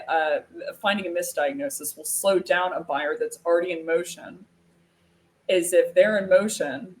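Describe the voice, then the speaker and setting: An American woman hosting a live sales webinar, talking casually and telling stories with frequent laughs. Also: on the low side. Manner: animated storytelling with frequent laughs. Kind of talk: casual live-stream talk.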